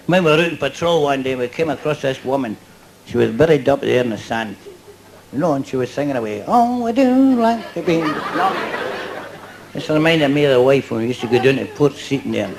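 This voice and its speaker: An older Scottish man tells jokes on stage in a chatty, cheeky way and keeps laughing at his own lines. His voice sits in an ordinary middle range. The old live recording carries a clear layer of noise. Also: medium pitch, quick pace. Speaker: stand-up comedian. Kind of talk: stand-up routine before a live audience.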